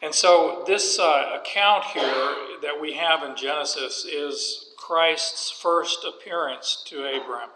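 A pastor preaches slowly and deliberately, dropping folksy jokes as he explains scripture. His voice sits a bit high and rings bright and forceful. The sound carries the roomy echo of a church hall with a long reverb tail. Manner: folksy, joking asides while teaching scripture. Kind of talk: sermon.

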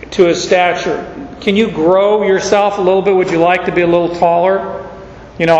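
A pastor giving a conversational sermon, folksy, with homey asides and frequent restarts. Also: male voice, a little high, slight background noise. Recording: echoey hall, slightly dull sound.

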